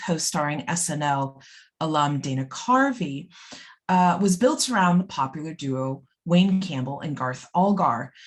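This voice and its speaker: A woman presenting an academic conference paper over a video call, thoughtful and hesitant, with frequent ums. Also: low voice.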